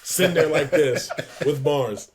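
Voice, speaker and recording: A young man in his twenties, a podcast guest, telling lively locker-room anecdotes in a casual way, laughing along. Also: on the high side, unhurried, very noisy. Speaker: podcast guest, pro basketball player. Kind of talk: casual storytelling in a sports podcast.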